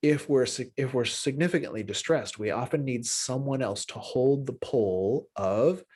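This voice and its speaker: Animated man teaching an empathy class. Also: moderate pace, husky. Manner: animated, acts out little dialogues with pitch jumps; loose, restarting delivery with tags like "right?". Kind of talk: spoken class lecture.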